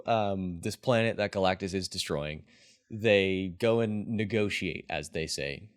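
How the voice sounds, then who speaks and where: A man's voice: sits low, measured pace, smooth. A man hosting a casual movie review chat, talking eagerly with a rambling flow. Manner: excited, rambling, with fillers and laughs. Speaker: podcast host, movie reviewer.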